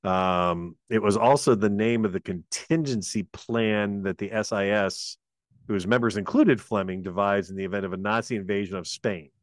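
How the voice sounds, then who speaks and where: A man's voice: on the low side, moderate pace, no room sound, clean studio sound. A man chatting casually about movies, laughing often and reading trivia aloud.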